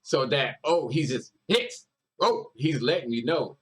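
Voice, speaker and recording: A man's voice: mid-range voice, lively intonation, unhurried, breathy edge, rough recording. A man hosting a music reaction video, talking casually and emphatically, repeating lyrics and hyping up the artist.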